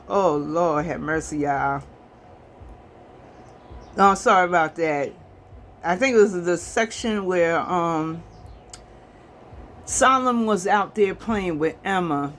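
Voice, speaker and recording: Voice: mid-range voice, a bit bright, slight background noise. A movie reviewer casually recapping a film's plot in a rambling, chatty way, talking to viewers as y'all.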